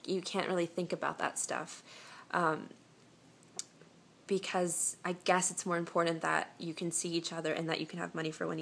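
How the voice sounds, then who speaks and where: Young woman vlogger, lowish creaky voice, casual advice chat recorded on a phone camera. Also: a bit bright, a little hiss or hum. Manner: chatty and reassuring, with many "um"s and restarts. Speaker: vlogger answering viewer questions.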